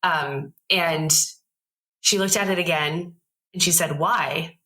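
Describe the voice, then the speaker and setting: Brief: thirties woman, podcast guest, low pitch, crisp forceful tone, lively storyteller. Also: slow, poor audio. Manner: animated storyteller, acts out quoted voices. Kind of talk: casual storytelling interview.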